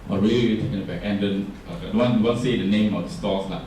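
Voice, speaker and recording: A man's voice: on the low side, racing, a little mellow, a little hiss or hum. A man with a Singaporean English accent gives a chatty workshop talk and keeps asking the audience questions. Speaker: workshop speaker. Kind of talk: workshop presentation. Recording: roomy echo, distant mic.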